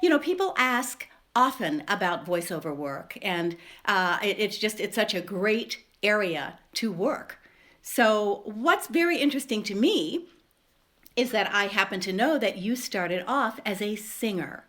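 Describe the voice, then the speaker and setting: A woman's voice: medium pitch, expressive, measured pace, fairly bright tone. A woman hosting a podcast interview, enthusiastic and effusive with her guest. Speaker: podcast host.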